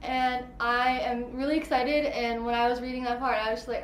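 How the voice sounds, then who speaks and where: A woman's voice: fairly high pitch, flat delivery, brisk, hardly any pauses, a little hiss or hum. A woman reviewing a novel in a casual vlog, gushing and filling her sentences with "like" and "I really liked". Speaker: book reviewer. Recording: echoey room.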